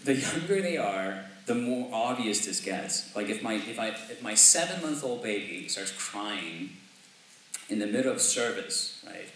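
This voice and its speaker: A man's voice: on the low side, expressive, unhurried, fairly bright tone, heavy reverb, distant mic, slight background noise, poor audio. A man preaching a sermon as pastor, in a conversational way, often asking "right?" and laughing lightly. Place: church sanctuary.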